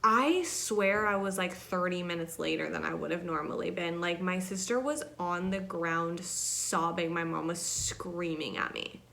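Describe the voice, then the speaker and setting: Female podcast host with a somewhat low voice, chatty and rambling, telling everyday stories solo. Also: a little slow, gravelly, hardly any pauses, a bit bright. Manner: rambling, chatty, peppered with "like" and "you know". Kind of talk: casual storytelling monologue.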